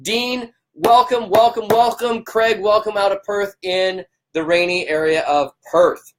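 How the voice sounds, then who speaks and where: A man's voice: high-pitched, fairly even intonation, measured pace. Fired-up man ranting on a live stream. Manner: fired up, emphatic, repeats himself; greets viewers by name. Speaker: livestream host.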